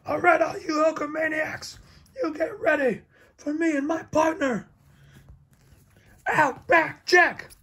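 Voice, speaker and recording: A man's voice: very high voice, slow pace, pauses often, sharp tone, voice pushed up, heavily acted. A man voicing a boastful American wrestling champion in a bombastic, drawling promo style during toy play.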